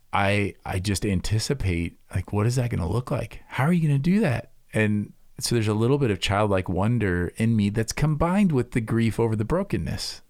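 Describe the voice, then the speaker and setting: A man's voice: on the low side, darkish tone, dry recording, studio quality. A man co-hosting a church podcast, talking earnestly with frequent fillers and restarts. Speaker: pastor co-host.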